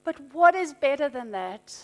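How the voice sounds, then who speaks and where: A middle-aged woman preaching a sermon, emphatic and animated. Her voice swings between loud declarations and hushed, tender passages. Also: sits high, normal speed.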